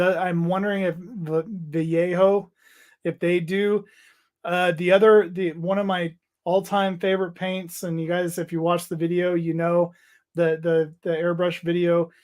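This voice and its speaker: A man hosting a casual hobby livestream, chatting loosely, reading out viewer comments and trailing off into restarts. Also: high voice. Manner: rambling, halting, reads out chat messages. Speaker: livestream host.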